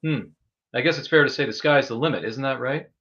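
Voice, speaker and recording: A man's voice: mid-range voice, a little fast, fairly bright tone, muffled recording. A man hosting a casual chat show, rambling and joking with playful asides. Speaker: host.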